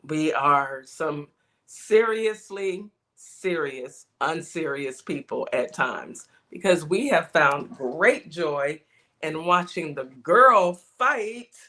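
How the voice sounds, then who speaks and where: An older woman hosting a morning radio show, chatting casually with an upbeat, drawn-out delivery. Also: low voice, expressive, bright, forceful tone.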